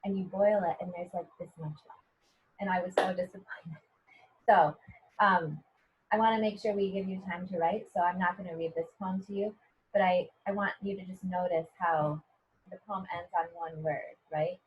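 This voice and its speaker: A woman's voice: on the low side, fairly even intonation, normal speed, a little hiss or hum. A middle-aged American woman, a poet and professor, teaching a poetry workshop over a video call in a conversational way, often checking in with "right?". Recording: dull lo-fi video call audio.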